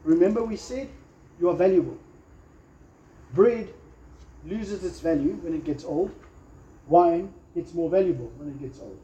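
Pastor preaching in echoey room. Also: male voice, on the high side, measured pace, pauses often, warm tone. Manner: emphatic preaching with acted-out quotes. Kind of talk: sermon. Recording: echoey room, slightly dull sound.

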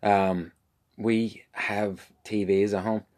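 Irish guy, middle-aged, real low voice, dry jokey chat. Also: flat delivery, slow pace, darkish tone. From Ireland. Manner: dry joking, wry asides. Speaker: podcast co-host, husband. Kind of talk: casual chat.

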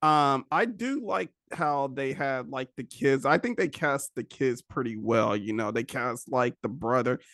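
A man's voice: mid-range voice, a little slow, few pauses, fairly bright tone, dry recording, clean studio sound. A man guesting on a casual podcast, easygoing and hesitant, with plenty of fillers.

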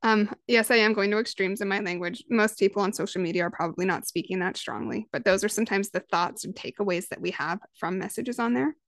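A woman in her thirties, a parenting coach, talking through her ideas on her own podcast in a lively, conversational way. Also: mid-range voice, fast talker, few pauses, no echo, studio quality. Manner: conversational, lively, acts out quoted voices. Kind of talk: solo podcast monologue.

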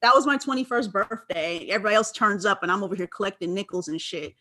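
A woman in her twenties from Los Angeles telling a story in casual chat, animated, swearing freely and acting out her own past lines. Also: medium pitch, fast. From Los Angeles, California. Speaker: guest, wine enthusiast.

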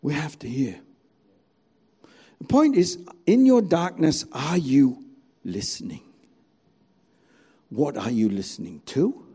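A man preaching a sermon as a pastor, animated and full of rhetorical questions. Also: medium pitch, breathy edge.

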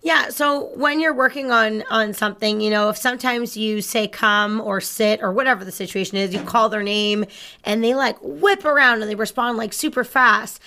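A woman's voice: on the high side, moderate pace, sharp tone. Upbeat woman dog trainer explaining. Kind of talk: instructional podcast chat.

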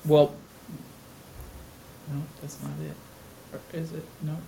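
A man's voice: on the high side, monotone, slow, dark tone, a little hiss or hum. A middle-aged man co-hosting a podcast in casual, joking, rambling chat. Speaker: podcast co-host.

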